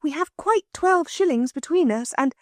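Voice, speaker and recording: A woman's voice: high voice, expressive, moderate pace, no echo, studio quality, pitched above the performer's own voice. A woman voicing an earnest, soothing young girl who coaxes and pleads. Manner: earnest, coaxing.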